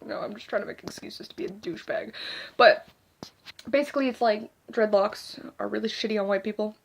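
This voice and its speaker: A woman's voice: mid-range voice, a little fast, vocal fry. A young adult woman ranting casually to camera in a vlog, rambling and profane, with a constant filler "like". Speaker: vlogger.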